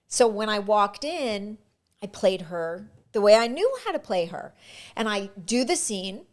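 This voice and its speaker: An actress telling lively stories about her auditions and career in a casual interview. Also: medium pitch, unhurried. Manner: lively anecdotal, frequent restarts. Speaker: actress guest.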